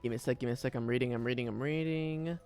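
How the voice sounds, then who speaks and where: A man's voice: medium pitch, rapid-fire, darkish tone. A man streaming himself drawing, chatting casually, giggling and humming little tunes as he works. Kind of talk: casual chat while drawing. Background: faint background music.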